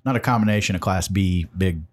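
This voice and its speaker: A man's voice: deep voice, brisk. A man in his forties casually telling profane stories about his working life. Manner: profane, laid-back storyteller. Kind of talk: casual storytelling.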